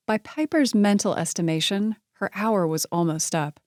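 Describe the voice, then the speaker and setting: A woman reading a romance novel aloud, narrating in a steady, measured way. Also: mid-range voice, no room sound, studio quality. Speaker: audiobook narrator.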